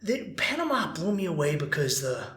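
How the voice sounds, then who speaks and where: An American man hosts his podcast in a loose, rambling monologue, his voice sitting a little high for a man. He swears freely and slips into mock voices to act out his points. The sound carries a noticeable roomy echo. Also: moderate pace. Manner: animated, profane, acts out mock quotes. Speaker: podcast host. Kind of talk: casual monologue.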